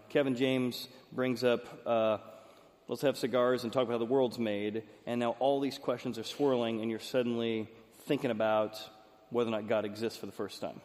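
A man's voice: medium pitch, a little mellow. A man interviewing a guest, summing up the story and laying out arguments in detail. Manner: measured, explains arguments in detail. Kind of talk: interview questions and summaries. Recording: long hall reverb.

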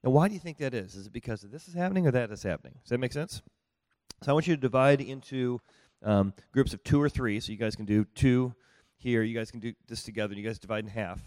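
Male workshop leader, conversational, repeats and restarts himself a lot, dry close sound, mid-pitched voice. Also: fast talker, a little mellow, no echo. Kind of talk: live group teaching. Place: room with small groups at tables.

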